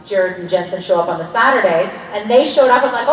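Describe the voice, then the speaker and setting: A woman's voice: fairly high pitch, big pitch swings, normal speed. A woman in her thirties chatting candidly as a convention panel guest, laughing often and swearing casually. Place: large convention hall. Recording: echoey hall, distant mic, faint ambience.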